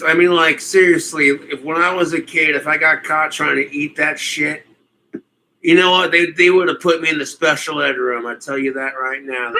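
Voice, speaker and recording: A man's voice: a little high, bright, forceful tone, rough recording. A man streaming his reactions to videos, talking in a loose, rambling, profane way and often slipping into mocking impressions.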